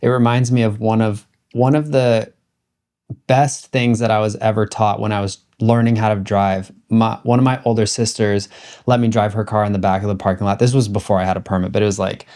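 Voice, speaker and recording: A man co-hosting a casual podcast, chatty and quick to agree, sharing a story of his own. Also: on the low side, steady tone, a little mellow. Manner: chatty, backs up the host with short agreements.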